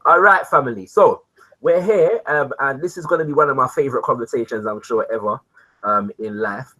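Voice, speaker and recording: A man hosting a live online talk show, greeting his viewers. He talks in an animated, informal way, with many "you know what I mean" fillers. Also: medium pitch, breathy edge, low-quality recording. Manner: animated, repeatedly addresses viewers as kings and queens. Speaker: livestream show host.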